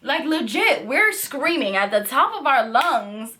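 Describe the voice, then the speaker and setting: A young woman vlogger telling a storytime tale in a profane, animated way, saying "like" constantly. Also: sits high, measured pace. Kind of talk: storytime vlog.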